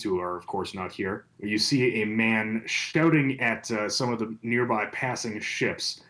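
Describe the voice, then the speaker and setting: A man's voice: on the low side, fairly bright tone, slight background noise. A man narrating as game master, recapping the story with frequent fillers. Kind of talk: narrating a tabletop horror game.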